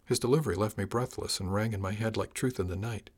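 Low-voiced male audiobook narrator. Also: fast talker, breathy edge. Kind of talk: first-person scripted narration.

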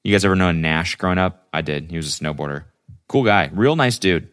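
Male podcast host with a very low voice, casual and rambling, swears freely. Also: a little fast, fairly bright tone, clear, resonant tone. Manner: rambling, profane, lots of fillers. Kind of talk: casual solo podcast monologue.

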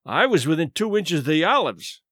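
A man voicing a quiet, wry, shabby gentleman. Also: a little high, sing-song, moderate pace, no echo, studio quality, exaggerated voice.

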